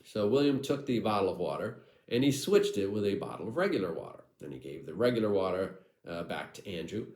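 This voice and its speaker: A man's voice: sits low, sing-song, brisk, darkish tone, reverberant, poor audio. A man telling a comic folk tale with wry, irreverent asides to his audience. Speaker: storyteller.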